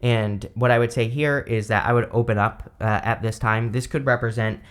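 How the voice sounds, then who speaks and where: A man's voice: medium pitch, steady tone, moderate pace, clean tone. A man giving a casual tarot reading, talking loosely with many fillers and self-corrections. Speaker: tarot reader.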